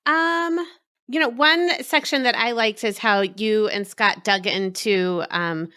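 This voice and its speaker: Bright-voiced woman co-host. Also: a little high, slow pace, clear, resonant tone. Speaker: podcast co-host. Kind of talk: casual podcast chat.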